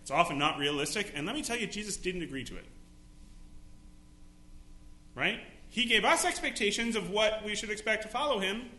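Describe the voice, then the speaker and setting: A man's voice: sits high, lively intonation, fast, pushed and bright, echoey room. A male pastor preaching a sermon, acting out quotes with dramatic voices. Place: church sanctuary.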